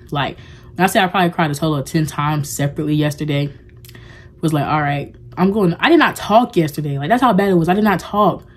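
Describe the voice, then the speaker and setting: A young woman speaks to her camera in a loose, confessional vlog. Her voice sits low for a woman. She rambles warmly, circling back with filler words as she opens up. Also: fast talker. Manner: rambling and heartfelt, heavy use of "like". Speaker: vlogger. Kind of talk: casual confessional vlog talk.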